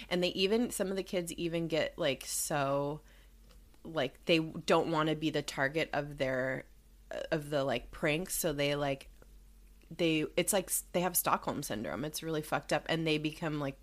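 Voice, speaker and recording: A woman's voice: low-pitched, a little slow. A young woman co-hosting a podcast, chatting casually and indignantly, swearing often and using many fillers. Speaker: podcast co-host. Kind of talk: casual chat.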